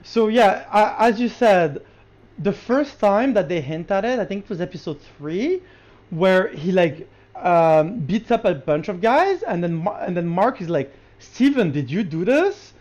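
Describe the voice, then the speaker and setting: A man's voice: sits high, expressive, measured pace, darkish tone. A man co-hosting a podcast in casual chat, eager and stumbling over the starts of his words. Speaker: podcast co-host. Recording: dull lo-fi mic.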